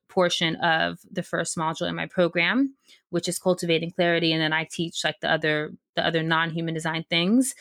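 A woman's voice: lowish voice, gravelly, a bit bright, no room sound, clean studio sound. A woman guest coach in a casual podcast interview, talking with energy and emphasis, frank and unfiltered, with the odd casual swear.

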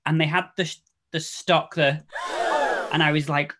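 A man co-hosting a horror film podcast, chatting casually with animated swings that sink low at the ends of his phrases. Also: a little slow. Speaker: podcast co-host. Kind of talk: casual film review chat.

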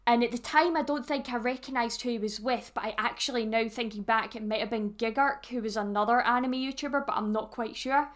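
Excitable young woman, high voice. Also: a little fast, few pauses. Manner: animated, excitable storytelling. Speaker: podcast co-host. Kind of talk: casual chat.

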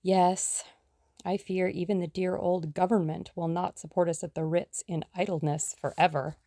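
A lazy young man and dry joker from a storybook, as a woman reader voices him. He speaks in a teasing, mock-formal way in a dark, gravelly tone. The sound is dry and close. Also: lowish voice, little pitch movement, moderate pace, no echo.

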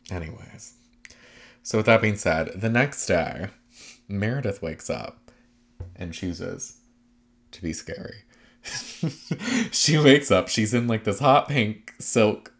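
A man with a fairly low voice chats through a reality-show recap in a loose, gossipy way. He leans on fillers and drops dry, sarcastic asides.

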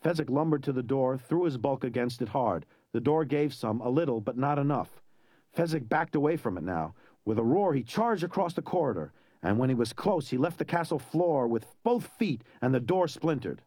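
Lively, expressive male storybook narrator. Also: mid-range voice, normal speed, no echo. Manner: expressive, dramatic. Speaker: audiobook narrator.

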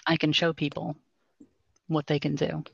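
A woman voice coach calmly explaining voice training in a podcast interview, in a measured, instructive way. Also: low voice, creaky, breathy edge, no room sound, highs cut off.

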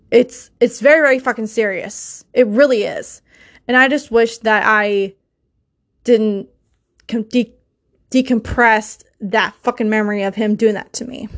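A young woman hosting a solo podcast, talking in an emotional, insistent way and swearing often. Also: on the high side. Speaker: podcast host.

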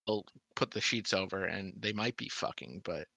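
Blunt, forceful man chatting on a podcast. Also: low-pitched, normal speed, creaky, no echo. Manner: blunt, swears freely, laughs easily. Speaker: podcast co-host. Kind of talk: casual chat, answering quiz questions.

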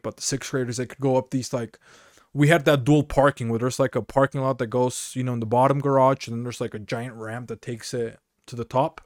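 A man's voice: mid-range voice, no room sound. Casual male podcast storyteller from Mexico, rambling comic delivery, dead-dry room. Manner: rambling, peppers talk with "dude" and "you know". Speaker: podcast co-host.

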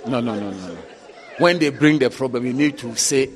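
A man, a bishop preaching a sermon, who swings from low, quiet asides up to laughing shouts. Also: brisk. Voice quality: animated, rising to shouts and laughter. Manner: preaching with call-outs and acted quotes. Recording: long reverb in a large hall.

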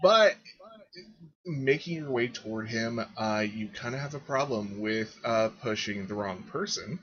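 A man runs a tabletop game, describing each scene and calling for rolls. His voice is bright and forward. The recording sounds dull and lo-fi. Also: mid-range voice, lively intonation, unhurried, a little hiss or hum. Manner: descriptive, addresses players directly. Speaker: game master.

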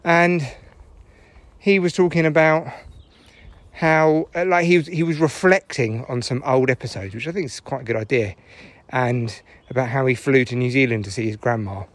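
A man's voice: mid-range voice, normal speed, no room sound. A man hosting a podcast, rambling in a sweary, jokey monologue while out on a walk. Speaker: podcast host. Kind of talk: casual monologue while walking. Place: outdoors on a walk.

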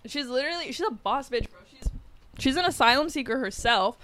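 A woman's voice: high-pitched, expressive, a little fast, fairly bright tone. A young woman co-hosting a podcast, chatting casually and animatedly with friends, swearing and laughing. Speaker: podcast co-host. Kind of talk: casual chat.

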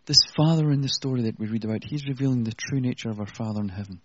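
A man's voice: mid-range voice, fast talker, fairly bright tone, dry recording, muffled recording. A man preaching an earnest, conversational sermon with self-deprecating asides.

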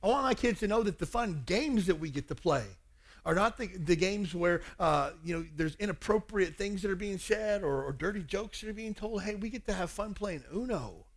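Man, forties, pastor, sermon, storytelling, acts out family dialogue, somewhat high voice. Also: expressive, normal speed. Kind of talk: sermon with personal stories.

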